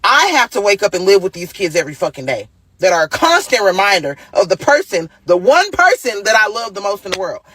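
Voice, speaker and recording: A woman's voice: medium pitch, very animated, fairly quick, fairly bright tone, husky, no room sound. A single mother venting in an exhausted, upset and profane way. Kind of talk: emotional vent.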